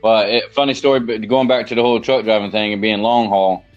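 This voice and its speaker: A man with a Southern American accent hosting a podcast, chatting casually in a rambling, halting way with many fillers. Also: on the low side, fairly even intonation, highs cut off, soft background music. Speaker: podcast host. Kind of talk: casual chat.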